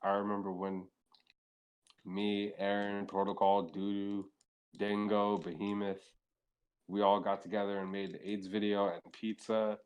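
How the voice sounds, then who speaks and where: On dull audio, the young guest spins loose, meandering anecdotes, cursing freely and leaning on "like" throughout. He talks a little slowly, his voice on the low side, level and darkish.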